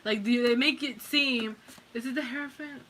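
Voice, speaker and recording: A woman's voice: a little high, steady tone, normal speed, a bit bright, a little hiss or hum. A woman giving a casual pick-a-card tarot reading, blunt and heavily profane, rambling with restarts and fillers as she talks straight to the viewer. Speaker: tarot reader.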